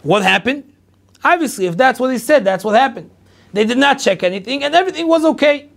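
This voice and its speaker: A middle-aged rabbi tells a long personal story to an audience, lively and full of repetition. His voice sits high for a man and has a gravelly, creaky edge. He acts out everyone's lines as he goes. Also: quick pace. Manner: animated storyteller acting out dialogue, repetitive. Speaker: rabbi lecturer.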